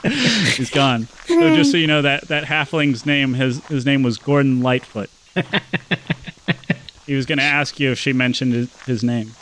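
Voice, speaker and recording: A man's voice: medium pitch, expressive, measured pace, fairly bright tone, a little hiss or hum, poor audio. Man, game master, casual narration, tabletop game. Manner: casual, loose narration with restarts.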